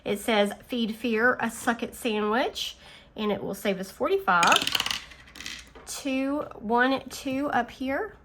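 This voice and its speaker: A woman hosting a casual budgeting video, chatting and counting her savings out loud, easily amused. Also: fairly high pitch, expressive, takes it slowly. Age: adult. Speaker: budgeting channel host. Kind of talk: casual chat while scratching savings challenges. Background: faint engine noise from a utility vehicle outside.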